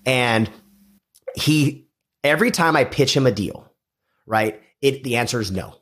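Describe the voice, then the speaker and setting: A middle-aged man with a husky, slightly rough voice chats on a podcast. He tells stories with energy, jumping into the voices of the people he quotes. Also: mid-range voice, unhurried. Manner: animated storyteller, acts out quoted dialogue. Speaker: guest, house flipper. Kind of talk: casual podcast interview.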